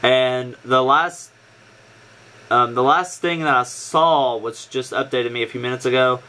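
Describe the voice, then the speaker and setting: A man's voice: medium pitch, measured pace, bright, forceful tone. Earnest young man giving a weather warning. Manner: earnest, repeats points for emphasis, many "um" fillers. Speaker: amateur weather vlogger. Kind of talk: casual weather briefing to viewers.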